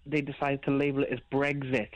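A man's voice: mid-range voice, completely flat delivery, brisk, no echo. A man with a Welsh accent calling a radio phone-in, hesitant and earnest, stumbling over his words. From Wales. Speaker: radio caller. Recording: dry, muffled phone-in line.

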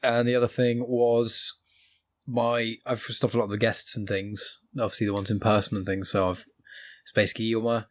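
A man's voice: lowish voice, little pitch movement, normal speed. A young man hosting a podcast in a casual, rambling chat full of restarts. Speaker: podcast host.

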